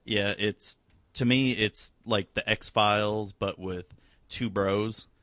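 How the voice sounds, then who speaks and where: A man's voice: lowish voice, fairly even intonation, slow, a bit bright, no room sound. A young man in casual chat, rambling with lots of fillers and swearing freely. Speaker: conversation partner.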